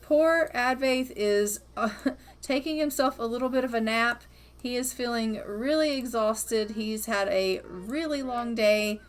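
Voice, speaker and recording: A woman's voice: fairly high pitch, unhurried. A woman giving chatty, cheerful commentary over a life-sim game, narrating what her characters do. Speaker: gaming video host. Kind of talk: casual gameplay commentary.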